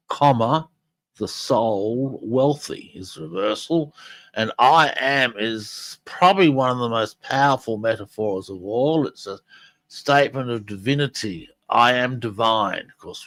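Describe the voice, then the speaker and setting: A man's voice: medium pitch, a little slow, fairly bright tone, no echo, rough recording. A man hosting a live podcast, talking casually and rambling with many fillers and restarts. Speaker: podcast host.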